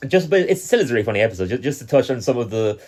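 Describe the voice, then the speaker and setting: A young Irish man co-hosting a casual podcast, animated, laughing often and acting out the scenes he talks about. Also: medium pitch, very fast. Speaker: podcast co-host.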